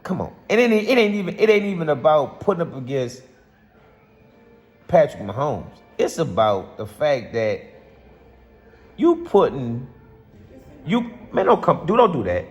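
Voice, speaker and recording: A man's voice: on the high side, sing-song, a little slow, pauses often, soft background music. A man ranting passionately to camera as a vlogger, rambling and repeating himself. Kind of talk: casual football rant to camera. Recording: long hall reverb.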